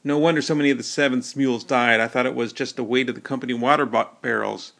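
A man's voice: medium pitch, fairly even intonation, fast talker, vocal fry, a bit bright. A man narrating a first-person novel as an audiobook, telling the story in a folksy, wry way.

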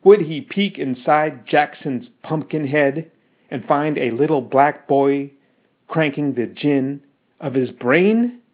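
A man voicing a lecturing metal professor who ticks mechanically between measured sentences. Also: on the high side. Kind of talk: audiobook character reading. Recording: dull lo-fi recording.

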